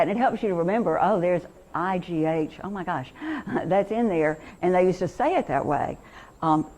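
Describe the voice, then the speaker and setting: A woman teaching reading, chatty and enthusiastic, slowing down to sound out words. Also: lowish voice, a little mellow, slight background noise, poor audio. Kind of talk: teaching demonstration.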